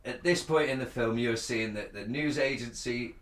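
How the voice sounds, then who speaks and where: Sweary English podcast co-host, bright voice. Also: male voice, mid-range voice, normal speed. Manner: sweary, reads quotes aloud, laughs often. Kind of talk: casual chat. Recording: echoey room.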